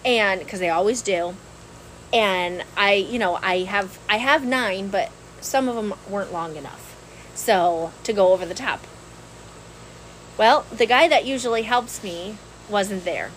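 A woman telling a long story in casual podcast chat, animated and laughing often. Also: medium pitch, a little slow, a little hiss or hum, poor audio. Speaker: podcast co-host.

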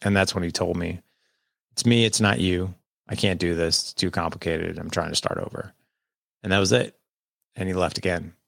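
Gravelly low-voiced Midwestern man telling his story. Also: fairly even intonation, normal speed, pauses often, a bit bright, no echo, clean studio sound. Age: 40s. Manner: candid, conversational, quotes people in dialogue. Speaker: guest. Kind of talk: personal storytelling in a podcast interview.

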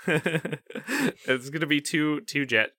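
A man's voice: fairly high pitch, very animated, very slow, bright, forceful tone, no room sound, clean studio sound. A man co-hosting a gaming podcast in casual chat, rambling with fillers and laughing often. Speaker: podcast co-host.

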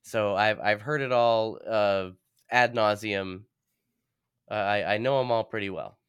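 Man, podcast co-host, casual profane chat, smooth resonant voice, dry close sound. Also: lowish voice, measured pace, a bit bright, dry recording, muffled recording. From New England. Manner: profane, blunt plot recap.

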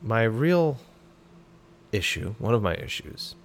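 A man's voice: on the low side, very animated, takes it slowly. A man, a former special operations soldier, talking as a podcast guest in a blunt, profane, fired-up way. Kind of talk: casual podcast conversation.

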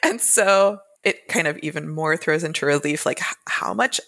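A woman's voice: sits low, normal speed, fairly bright tone. A woman co-hosting a romance book podcast, talking casually and thoughtfully, analyzing the books with occasional laughs. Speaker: podcast co-host.

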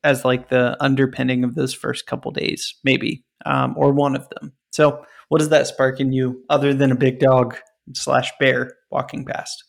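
A man co-hosting a podcast, chatting casually about faith in a relaxed, hesitant way. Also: mid-range voice, moderate pace, vocal fry, hardly any pauses. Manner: relaxed, hesitant, laughs easily. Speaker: podcast co-host.

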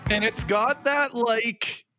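A man's voice: very high-pitched, slow, over music. A man co-hosting a podcast, laid-back and casually swearing. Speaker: podcast co-host. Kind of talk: casual chat.

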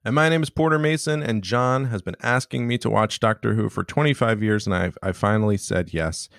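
A man's voice: on the low side, a little fast, creaky, fairly bright tone, dry recording. Man, podcast co-host, teasing mock-angry banter, dry close sound. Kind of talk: casual podcast chat.

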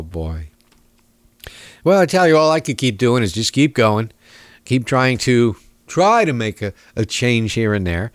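A man's voice: mid-range voice, no room sound, studio quality. A man hosting a talk radio show, ranting sarcastically and chuckling as he rambles. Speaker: radio host.

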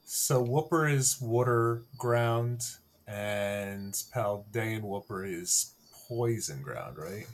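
Slow laid-back man. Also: fairly low pitch. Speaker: podcast co-host. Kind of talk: casual chat.

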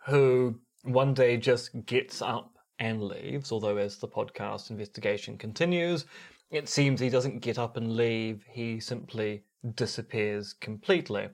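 A man with a New Zealand accent talks through a story as a podcast co-host. His voice sits at a middle pitch, and he delivers it in an easy, explanatory way. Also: unhurried. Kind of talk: casual podcast chat.

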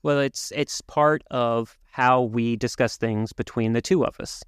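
A man co-hosting a podcast, talking in an earnest, measured way with a few restarts. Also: medium pitch, steady tone, smooth, no room sound, studio quality. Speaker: podcast co-host. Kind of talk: casual podcast chat.

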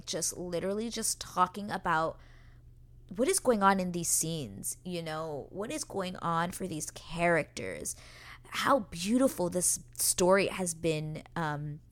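Low-voiced woman gushing on a podcast. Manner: gushing, emotional, rambling with fillers. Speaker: podcast host. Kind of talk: casual episode recap. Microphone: podcast microphone.

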